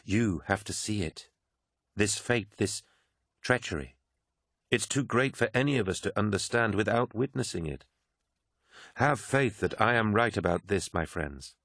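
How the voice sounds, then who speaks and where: A man reading an audiobook, voicing a woman prophet who speaks calmly and with certainty, solemn and resolute. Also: on the low side, unhurried, dry recording, clean studio sound, full character voice. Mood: resolute, fervent.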